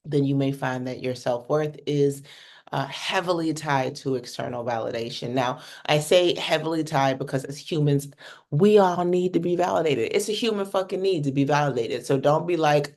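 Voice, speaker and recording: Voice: mid-range voice, normal speed, darkish tone. A communication coach from North America giving a workshop teaching talk in a casual, blunt manner, swearing freely and often checking in with "right?".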